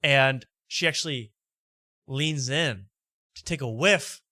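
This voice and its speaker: A man's voice: medium pitch, takes it slowly, sharp tone, no room sound, clean studio sound. A man hosting a comedic late-night talk show, rambling and mocking as he halts on fillers.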